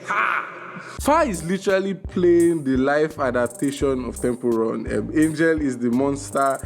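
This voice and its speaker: A young man reviews a show in a joking, animated way. His voice sits in a middle register and now and then jumps into loud exclamations. Clear background music plays under him. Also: mid-range voice, unhurried. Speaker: video reviewer. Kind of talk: casual comedic review.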